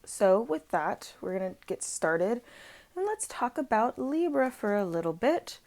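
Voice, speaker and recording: A woman with a fairly high, darkish voice and big pitch swings reads tarot at a measured pace. She sits at home with her dog on her lap, chatting and rambling with plenty of fillers and self-corrections.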